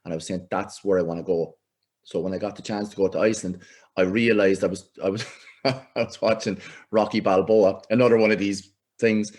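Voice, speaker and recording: A middle-aged Irish man, a football coach, telling lively anecdotes in a casual interview and acting out the voices he quotes. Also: on the low side, fairly quick. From Ireland. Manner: animated anecdotes, acts out quoted voices, laughs often. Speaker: football coach, podcast guest.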